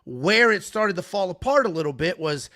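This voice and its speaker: A man's voice: high-pitched, expressive, moderate pace, bright, forceful tone. A man co-hosting a sports podcast, talking in a brash, joking, blunt way in casual chat. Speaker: podcast co-host.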